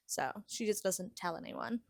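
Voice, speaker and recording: A woman's voice: medium pitch, unhurried, no echo, clean studio sound. A young woman vlogger casually recapping a novel's plot, chatty and full of "like" as she retells scenes. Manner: chatty, heavy use of "like", lively retelling. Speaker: book vlogger.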